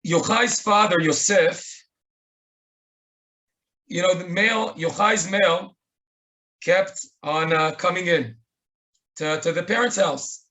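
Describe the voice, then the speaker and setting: A man's voice: high-pitched, steady tone, slow pace, pauses often, pushed and bright. A man with an Israeli accent, speaking at a remembrance webinar and telling stories earnestly with quoted dialogue. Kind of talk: storytelling tribute. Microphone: webinar microphone.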